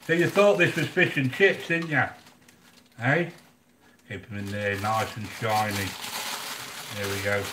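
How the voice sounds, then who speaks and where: A man's voice: fairly low pitch, a little slow, long pauses, reverberant, noisy background. An older English man hosting a live cooking channel, chatting casually and bluntly with viewers, grumbling and joking as he goes. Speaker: livestream cooking channel host.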